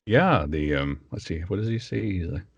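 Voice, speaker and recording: A man, a voice actor, chatting in an interview and animated, often breaking into impressions. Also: sits low, normal speed, vocal fry, no room sound, dull audio. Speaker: voice actor guest. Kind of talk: casual interview chat.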